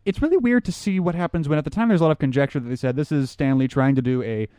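A man hosting a movie commentary podcast who talks quickly, rambling and interrupting himself as he jokes along. His voice sits a little high for a man and comes through dry and close on the mic. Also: warm tone, no room sound. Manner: rambling, self-interrupting, joking. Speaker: podcast host. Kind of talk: casual movie commentary chat.

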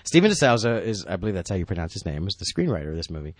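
Low-voiced man riffing on a movie. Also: no room sound, clean studio sound. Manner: animated, laughing, doing quick impressions. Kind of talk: casual movie commentary chat.

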